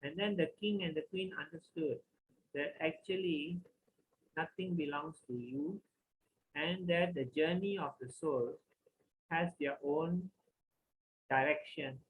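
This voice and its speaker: A man's voice: a little high, unhurried, pauses often, a little hiss or hum, low-quality recording. A man teaching a lesson, telling a story plainly with many repeats and restarts.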